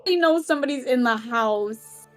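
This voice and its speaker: A woman plays a tabletop role-playing game in a high voice. She thinks aloud, hesitating and restarting her sentences. Faint music plays behind her. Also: moderate pace. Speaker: player.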